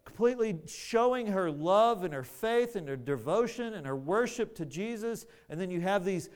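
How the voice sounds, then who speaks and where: A man's voice: high voice, lively intonation, normal speed, clean tone. A man preaching a sermon, earnest, often repeating words as he searches for the phrasing.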